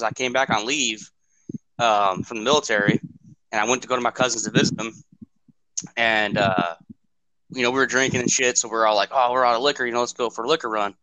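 A man's voice: fairly low pitch, sharp tone, dry recording, low-quality recording. A man co-hosting a podcast, telling a story in casual, profane, rambling talk and acting out what people said. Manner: profane, rambling, acts out quotes. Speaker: podcast co-host.

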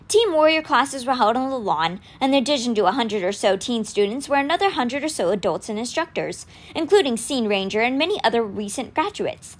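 Brief: a woman reading a novel aloud, expressive storytelling with a lively and slightly high pitch. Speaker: audiobook reader.

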